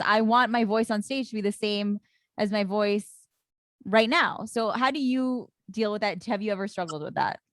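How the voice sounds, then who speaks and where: A woman's voice: medium pitch, dry recording. A woman comedian hosting a podcast, thinking aloud in a hesitant way with frequent restarts. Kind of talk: casual chat.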